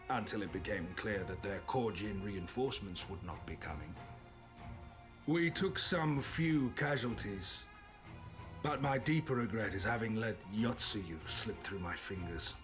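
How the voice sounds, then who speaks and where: An actor playing a blunt, grim male war leader in a video game. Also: fairly low pitch.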